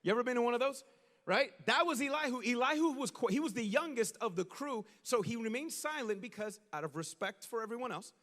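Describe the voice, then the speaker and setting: A male pastor delivers a sermon like a story told to friends, casual and slangy, acting out the people he talks about. His voice sits high for a man, and a long reverb trails after each phrase, as in a large church. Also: fairly quick. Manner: animated, conversational, slangy storytelling.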